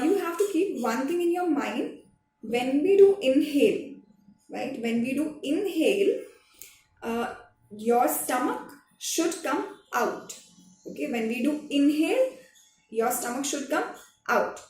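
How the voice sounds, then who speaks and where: A woman, a drama teacher giving a slow, patient online lesson to children, repeating each step. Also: high-pitched, a little mellow. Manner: slow, repetitive, patient instruction. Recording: echoey room, recorded from some distance, faint music behind.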